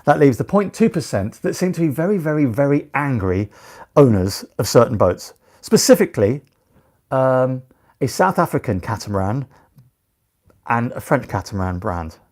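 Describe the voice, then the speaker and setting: A man co-hosting a live stream, chatting casually and telling animated, joking stories. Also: mid-range voice, moderate pace. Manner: animated, jokey, rambling storyteller. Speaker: sailing vlog co-host.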